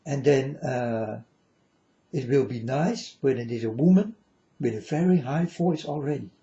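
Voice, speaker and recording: Slow, dark-voiced preachy man. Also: medium pitch, muffled recording. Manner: preachy, repetitive, calls audience folks; non-standard English grammar. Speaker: vlogger addressing viewers. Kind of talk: rambling spiritual monologue.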